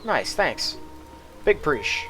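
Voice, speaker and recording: A man's voice: on the high side, big pitch swings, very slow, sharp tone, soft background music. A man hosting a casual let's play with wry asides and on-screen text read aloud. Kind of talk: casual gameplay commentary.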